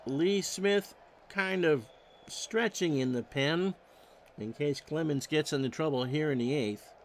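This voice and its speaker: A man's voice: a little high, measured pace, slight background noise. A man calling baseball play-by-play, reading off stats with wry joking asides. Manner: stat-heavy calls with wry joking asides. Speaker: play-by-play announcer.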